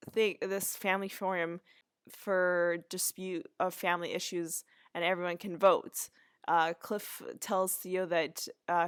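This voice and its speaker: Lower-voiced woman recapping chattily. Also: smooth, no room sound, clean studio sound. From Canada. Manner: chatty, meandering, with frequent restarts and asides. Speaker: podcast host. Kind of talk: casual podcast episode recap.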